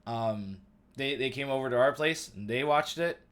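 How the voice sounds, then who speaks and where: Excitable, rambling man on a live stream. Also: mid-range voice, moderate pace. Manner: rambling and excitable, heavy on fillers. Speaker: livestream host. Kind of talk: casual live-stream chat. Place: at home.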